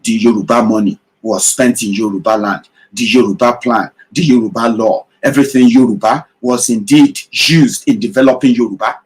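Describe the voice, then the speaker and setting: A man's voice: medium pitch, moderate pace, hardly any pauses, poor audio. A man with a Nigerian accent hosting an impassioned political commentary broadcast, speaking emphatically, asking listeners direct questions and repeating his points.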